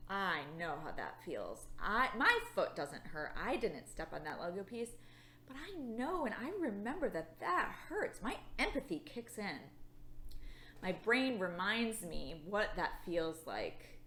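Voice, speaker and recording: A woman leads a children's Bible lesson in a slow, sing-song voice that rises and falls a lot. Her pitch sits a little high. The sound rings in an echoey room. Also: slight background noise. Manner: slow, animated and playful, with yawns. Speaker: children's church leader. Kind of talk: gentle teaching for children. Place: church.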